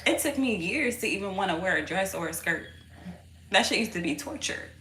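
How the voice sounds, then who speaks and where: A young woman and mother chatting casually to camera at home. She laughs loudly and often, swears freely, and coos softly to her baby between remarks. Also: medium pitch, a little fast. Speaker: mother vlogging. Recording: echoey room with steady noise.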